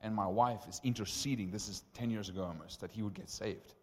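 A man with a South African accent, a pastor telling his story to a congregation in a casual, animated way full of "like" and "right?". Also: fairly low pitch, brisk, in a large hall, slight background noise. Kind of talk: storytelling sermon.

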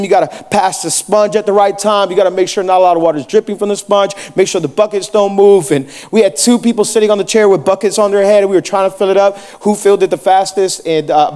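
High-voiced joking pastor. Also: male voice, darkish tone. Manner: joking, storytelling, asks the crowd questions. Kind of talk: sermon.

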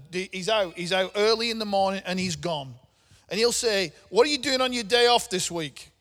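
A middle-aged male pastor preaches a sermon conversationally, dropping in humorous asides. His voice sits high with a fairly bright tone, and the recording has a long hall reverb.

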